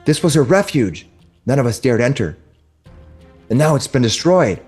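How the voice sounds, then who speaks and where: A man's voice: mid-range voice, big pitch swings, normal speed, a little mellow, breathy edge, soft background music. A man voicing a nervous male villager who stammers urgently. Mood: fearful.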